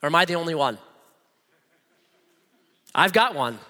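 A male pastor with a high voice delivers a sermon full of personal stories, speaking a little slowly but in an animated, humorous way and acting out voices. The recording carries the long reverb of a large hall.

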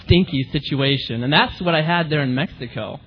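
A man preaching a sermon, telling humorous stories in an animated way. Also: on the high side, brisk, lo-fi sound, a little hiss or hum. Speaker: pastor. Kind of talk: sermon storytelling.

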